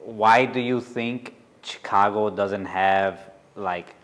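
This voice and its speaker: A man's voice: lowish voice, slow, a bit bright. A man interviewing a guest, asking plain questions and giving brief reactions.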